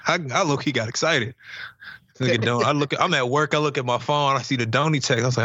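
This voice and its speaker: A man co-hosting a podcast, chatting casually with friends, relaxed, swearing and laughing as he talks. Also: medium pitch, a little fast, no room sound, dull audio. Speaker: podcast co-host. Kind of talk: casual chat among friends.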